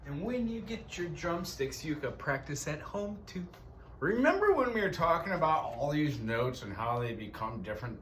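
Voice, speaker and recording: A male music teacher gives a private lesson, explaining things patiently and counting beats out loud. His voice sits a little high and moves animatedly up and down. A faint ambient hum sits behind him.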